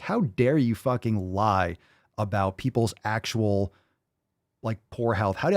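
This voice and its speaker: A man's voice: medium pitch, darkish tone, no room sound, studio quality. A man hosting a livestreamed podcast, ranting with constant profanity and sarcasm while reading viewer comments. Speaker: podcast host. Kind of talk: livestream rant.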